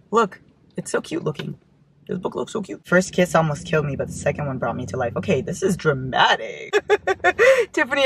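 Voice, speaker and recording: A woman's voice: fairly low pitch, husky. A woman hosting a casual book haul vlog, who talks in a gushing, affectionate way, reads fan notes aloud and swears casually. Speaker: book vlogger.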